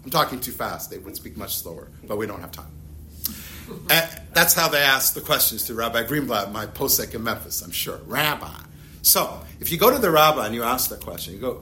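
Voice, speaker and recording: Animated man teaching with bright voice. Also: medium pitch, brisk, slight background noise. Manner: animated, acts out dialogues with shifting loudness. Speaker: rabbi teaching a text class. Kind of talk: lively classroom teaching.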